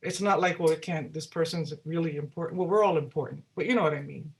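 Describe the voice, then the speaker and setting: A woman singer-songwriter, a guest in an interview, telling stories in a lively way and acting out the dialogue she quotes. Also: low-pitched, fast talker. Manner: animated, acts out quoted dialogue. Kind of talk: storytelling in a casual interview.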